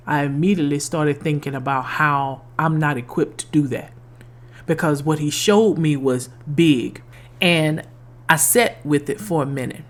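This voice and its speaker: A middle-aged woman hosting a podcast, telling a personal faith story in an earnest, testimonial way and repeating lines for emphasis. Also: low voice. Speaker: podcast host.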